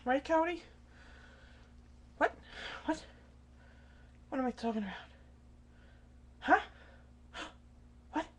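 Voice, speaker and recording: Teen girl, webcam vlog, hushed late-night chatter, a touch high-pitched. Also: expressive, takes it slowly, pauses often. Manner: hushed, half-whispered late-night talk, swearing. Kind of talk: casual webcam chat to her dog. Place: home at night.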